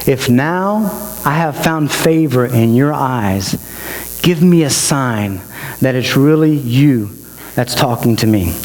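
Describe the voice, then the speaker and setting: A man's voice: fairly high pitch, a little mellow. A male pastor voicing an insecure young man who pleads eagerly in a sermon. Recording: reverberant hall with mains hum.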